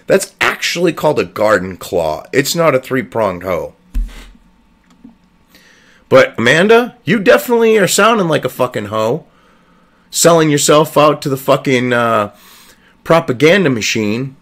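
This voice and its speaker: A man's voice: on the high side, big pitch swings, moderate pace, fairly bright tone. A man delivering angry, profane commentary, hurling heated insults. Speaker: online news commentator.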